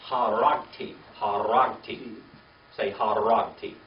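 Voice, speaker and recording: A man's voice: on the low side, steady tone, slow pace. An older man leads a classroom lesson, patiently spelling out words and checking in with his students. He sounds distant in a roomy space. The recording is dull and lo-fi, with a faint hiss underneath. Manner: patient, coaxing, checks in with "okay?" and "all right?". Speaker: Hebrew teacher.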